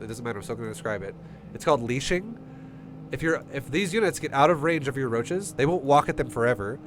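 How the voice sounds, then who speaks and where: A man's voice: mid-range voice, a little hiss or hum. A man coaching a player through a game replay in a casual streaming session, blunt and heated, swearing often. His nose is running. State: runny nose. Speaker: StarCraft coach reviewing a replay. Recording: music playing underneath. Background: music.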